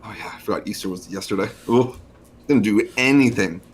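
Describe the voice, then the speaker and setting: A man's voice: on the low side, fairly quick, slight background noise. A young man co-hosting a casual stock podcast, laid-back and slangy, laughing often. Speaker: co-host.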